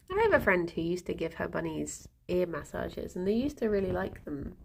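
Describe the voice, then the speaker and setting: A woman streaming casually, chatting to viewers and cooing softly in baby talk to her pet rabbits. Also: fairly low pitch, big pitch swings, a little fast, gravelly, hardly any pauses, a little hiss or hum. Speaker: livestreamer. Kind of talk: casual livestream chat.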